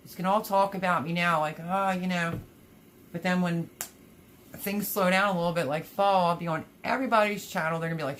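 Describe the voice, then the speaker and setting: A woman's voice: on the low side, fairly bright tone, a little hiss or hum. A woman hosting a casual gardening livestream, chatting and reading viewer comments aloud, laughing often. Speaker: livestream host.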